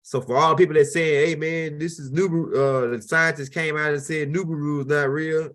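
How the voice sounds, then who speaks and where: Guy riffing over clips, kinda high voice, rambles, restarts a lot. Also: normal speed. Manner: rambling and animated, with many restarts. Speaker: host. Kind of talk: casual commentary over video clips.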